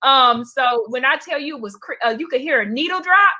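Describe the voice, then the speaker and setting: A woman comedian with a high, bright voice tells a story in a loose, conversational way. She repeats words and fills gaps with ums as she goes, and keeps her delivery animated. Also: brisk. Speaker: stand-up comedian guest. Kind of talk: casual storytelling in a talk show interview.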